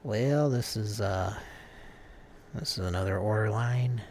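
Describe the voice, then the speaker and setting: Host, male, low creaky voice, loose rambling delivery. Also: takes it slowly, slight background noise. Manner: rambling, relaxed, with many fillers and restarts. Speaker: host of a live call-in stream. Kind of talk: casual live-stream chat.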